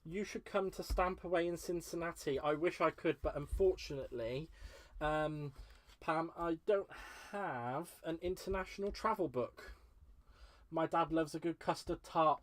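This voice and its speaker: Chatty man, slightly high voice. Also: a little slow. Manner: chatty, gushing, answers viewer comments aloud. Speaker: crafting livestream host. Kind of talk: casual live-stream chat while crafting. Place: home craft space.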